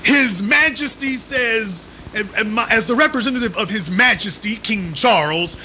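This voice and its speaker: A man's voice: sits high, moderate pace, pushed and bright, a little hiss or hum, poor audio. A man hosting a live stream, giving emphatic commentary, with sarcastic, repeated rhetorical questions.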